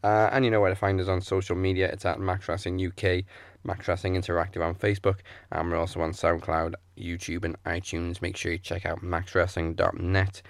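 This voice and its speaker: A man's voice: deep voice, flat delivery, brisk, vocal fry, dry recording. A man co-hosting a podcast, chatting casually and reading out show plugs and sign-offs. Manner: plugs and reads out show details. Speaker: podcast co-host.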